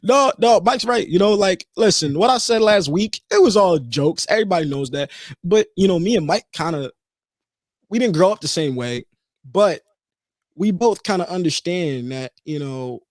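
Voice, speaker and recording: A young man in his early twenties talking in a casual podcast chat, his pitch a touch high and swinging widely as he jokes and laughs loudly. The sound is dry and close to the mic. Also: normal speed, dry recording. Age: early 20s. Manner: animated, joking, loud laughs. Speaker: podcast co-host.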